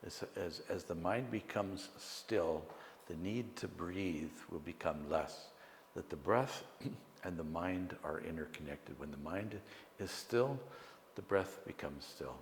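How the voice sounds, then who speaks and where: Man, meditation teacher, very low voice, slow calm guidance, long-reverb hall. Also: a little hiss or hum. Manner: slow, calm, pausing between phrases. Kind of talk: guided meditation lecture. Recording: echoey hall with long reverb, faint ambience.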